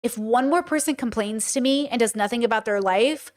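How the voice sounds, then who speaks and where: Woman streamer, high voice, blunt and animated, swears freely, casual live chat to viewers. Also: brisk. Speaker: streamer hosting a live podcast.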